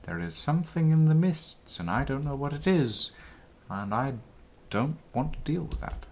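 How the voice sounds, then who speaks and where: A man's voice: medium pitch, big pitch swings, moderate pace, a little mellow. A man streaming a game live, thinking aloud and reading the game's text aloud between short reactions.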